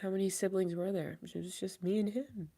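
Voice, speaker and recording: A woman livestreaming while crying, reading and answering chat in a soft, halting voice that often sinks to a whisper. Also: medium pitch, steady tone, gravelly. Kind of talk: tearful live stream chat.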